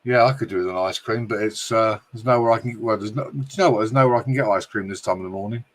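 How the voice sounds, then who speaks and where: A man's voice: on the low side, fast talker. Joking British man hosting a livestream. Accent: British English. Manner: jokey, swearing, frequent laughs. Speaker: livestream host reading chat. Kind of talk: casual livestream chat.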